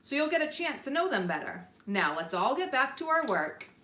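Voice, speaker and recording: A woman's voice: high-pitched, sing-song, moderate pace, bright, forceful tone, a little hiss or hum, voice pushed up, full character voice. A woman voicing a kind second-grade teacher in a children's story, patient and firm. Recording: echoey room.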